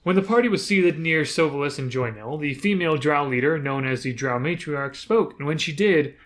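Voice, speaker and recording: A man's voice: on the high side, normal speed, a bit bright. A man recapping a tabletop campaign he ran as game master. He tells it casually, with rambling asides and frequent self-corrections.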